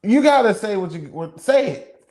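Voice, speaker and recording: A man's voice: high voice, expressive, moderate pace, darkish tone. A man co-hosting a podcast, talking in an earnest, reflective way and swearing now and then. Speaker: podcast co-host. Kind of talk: candid casual chat.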